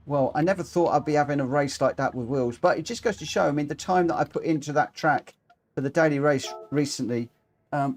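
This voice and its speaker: Chatty man streaming a racing game. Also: a little high. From United Kingdom. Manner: chatty, reads out chat and race results. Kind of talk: live-stream commentary.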